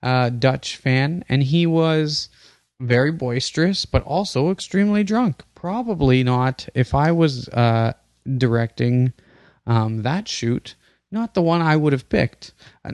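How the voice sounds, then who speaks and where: A young man with a gravelly, fry-tinged voice tells a comic story in a loose, rambling way. He swears freely and keeps restarting his sentences around plenty of fillers. The sound is dry and close to the mic. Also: medium pitch, darkish tone, dry recording. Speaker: podcast host.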